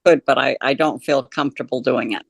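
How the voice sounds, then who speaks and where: A woman guest with a deep, husky voice, chatting candidly and laughing easily on a remote call. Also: fairly quick, no echo. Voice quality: deep, husky voice changed by throat illness. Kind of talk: casual chat over a remote call.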